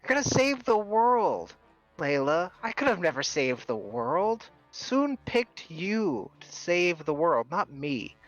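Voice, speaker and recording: A man voicing a gentle dead fiance who has come back as an angel, speaking tenderly and reassuringly. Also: high-pitched, sing-song, takes it slowly, lo-fi sound, faint music behind, pitched above the performer's own voice, exaggerated voice.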